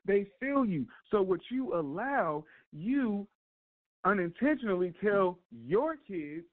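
Male caller, high-pitched, sincere, heard over a thin phone line. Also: big pitch swings, slow pace. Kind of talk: casual radio call.

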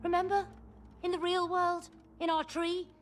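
An actress playing a reproachful, exasperated wife figure in a video game. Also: female voice, very high-pitched, little pitch movement, measured pace. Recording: game audio with music.

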